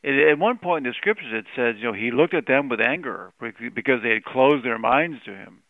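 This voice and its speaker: A man, a priest and psychologist, answering questions as a radio guest in a halting way, often repeating words. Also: mid-range voice, animated, no echo. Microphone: remote studio line. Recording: tinny phone line.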